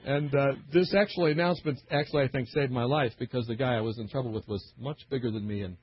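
A man's voice: medium pitch, fast, breathy edge. A middle-aged man preaching a storytelling sermon, acting out the voices of the people in his stories. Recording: dull lo-fi recording.

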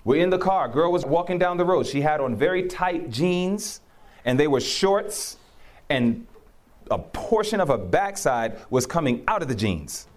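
Here a man speaks at a measured pace in a fairly high register. He's an animated storyteller giving conversational testimony, preaching through episodes from his life, performing other people's words and breaking into laughter often.

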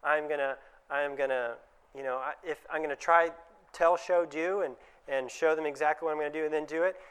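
A man's voice: on the high side, steady tone, a little fast, fairly bright tone, smooth. A man giving a conversational presentation to fellow dentists, often acting out short dialogues in changed voices. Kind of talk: conference talk to dentists.

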